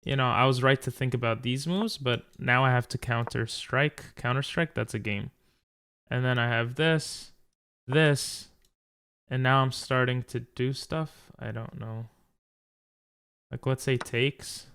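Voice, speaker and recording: Gravelly, frustrated man thinking aloud. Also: medium pitch, fairly even intonation, measured pace, a bit bright. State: tired from little sleep. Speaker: chess streamer. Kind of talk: casual game commentary.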